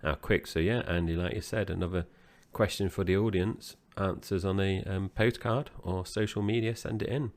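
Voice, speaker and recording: Male co-host, extremely low voice, easygoing plot recap. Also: fairly even intonation, normal speed, hardly any pauses. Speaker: podcast co-host. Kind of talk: casual film-review chat.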